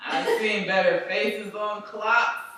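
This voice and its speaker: A woman's voice: medium pitch, flat delivery, slow, fairly bright tone. A woman quoting her blunt, bossy churchgoing mother in a scolding, sassy way. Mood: scornful. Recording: echoey room, voice far from mic.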